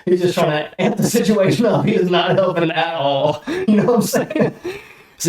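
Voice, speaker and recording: A man's voice: fairly high pitch, normal speed. Slangy, profane man telling a story. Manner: animated, slang-heavy, profane. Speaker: podcast guest. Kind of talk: casual storytelling. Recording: roomy echo.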